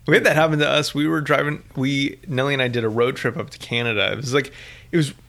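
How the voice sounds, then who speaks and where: A young married man telling a travel story in relaxed casual chat. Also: medium pitch, quick pace.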